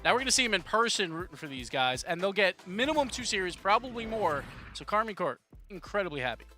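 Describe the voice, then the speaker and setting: Lively high-voiced esports desk host. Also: male voice, fast, faint music behind. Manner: excited, lively, laughs often. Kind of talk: live esports analysis chat.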